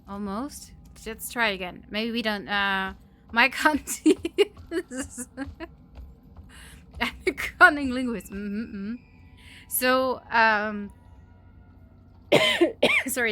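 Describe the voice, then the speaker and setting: A woman's voice: medium pitch, a bit bright, a little hiss or hum. A woman live streamer chatting casually with her viewers while gaming, giggly and chatty as she thanks them and reacts to chat.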